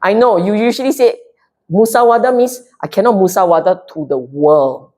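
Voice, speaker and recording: A woman's voice: medium pitch, normal speed. A woman with a Singaporean English accent giving a Buddhist Dharma talk, playful and direct, often asking the audience if they follow. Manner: animated and playful, mixing in local slang; direct, keeps checking with the audience. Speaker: Dharma speaker.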